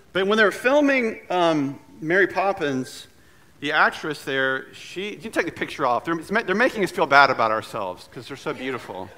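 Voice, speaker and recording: A man's voice: medium pitch, sing-song, measured pace, sharp tone. A male pastor preaching a sermon in a church in a conversational, storytelling way, asking the congregation questions as he goes. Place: church sanctuary.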